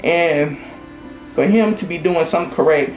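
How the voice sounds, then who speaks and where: Man, high voice, halting emotional tribute, roomy echo, soft music behind. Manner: emotional, halting, sighing between phrases. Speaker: UPS driver and coworker. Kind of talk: tearful memorial tribute.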